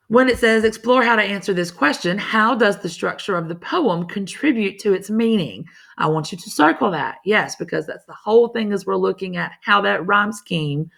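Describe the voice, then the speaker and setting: A woman's voice: on the low side, vocal fry, a bit bright. A woman teacher walking students through a poem in a recorded lesson, chatty and encouraging, talking to them directly.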